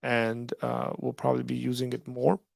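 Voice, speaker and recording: Gravelly-voiced man hosting a call-in stream. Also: medium pitch, monotone, normal speed, a little mellow, no echo, studio quality. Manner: rambling, filler-heavy, frequent "like" and "right?". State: losing his voice after hours of streaming. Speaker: host of a live call-in stream. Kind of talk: casual livestream talk.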